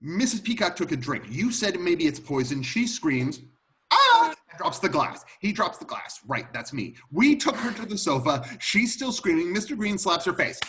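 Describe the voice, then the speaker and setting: A man reading the part of an excitable butler who explains a murder solution in an amateur script read-through, telling it in an animated, theatrical way. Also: high-pitched, moderate pace, hardly any pauses.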